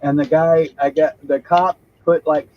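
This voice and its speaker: On the high side with little pitch movement, this male podcast host takes his time telling a meandering story. He curses offhandedly and laughs readily, captured on a dull lo-fi recording.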